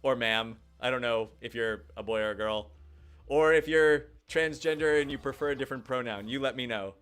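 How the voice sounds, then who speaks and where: A man's voice: medium pitch, moderate pace, a bit bright, clean tone. A young man casually commenting on his game live, thinking aloud and reading viewer chat. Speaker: gaming livestreamer.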